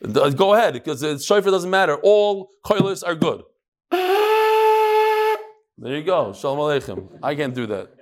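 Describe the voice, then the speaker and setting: A man teaching a Talmud class live, lively and joking, with Hebrew and Yiddish terms all through his talk. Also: a little high, normal speed, long pauses. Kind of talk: daf lesson to a live class.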